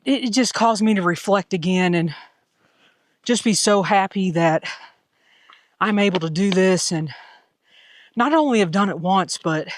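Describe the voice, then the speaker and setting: Brief: chatty woman trail vlogger outdoors, warm folksy enthusiasm, dry close sound. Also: lowish voice, no echo. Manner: enthusiastic, folksy, repeats "fantastic"; chatty, addresses viewers as y'all. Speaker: hiker vlogging a long-distance trail. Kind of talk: casual trail vlog to camera.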